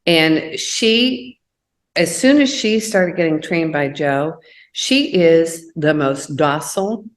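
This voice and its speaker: A woman's voice: low-pitched, slow. A woman chats on a talk show. She tells her stories with lots of animation and acts out the people she quotes. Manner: animated storyteller, acting out quoted voices. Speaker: co-host. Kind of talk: casual chat.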